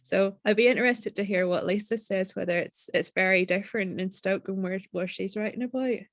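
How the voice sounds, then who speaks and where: A woman with a Northern Irish accent, a writer speaking in a reflective, measured way on a panel. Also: mid-range voice, no echo, studio quality. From Northern Ireland. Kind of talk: casual panel discussion.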